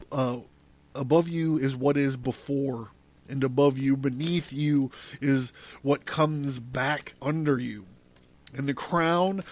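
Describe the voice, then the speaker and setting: A man's voice: fairly high pitch, a little mellow, no echo, natural voice. A man voicing a cryptic white bird that speaks in riddles in a storybook reading.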